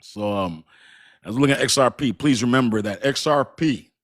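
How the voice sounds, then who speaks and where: A man's voice: mid-range voice, moderate pace. A man hosting a casual crypto livestream, talking straight to his chat in a hyped, repetitive way. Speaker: crypto channel host.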